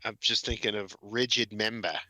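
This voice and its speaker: A man co-hosting a casual comedy podcast, dropping crude deadpan one-liners. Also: on the low side, normal speed, dry recording. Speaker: podcast co-host.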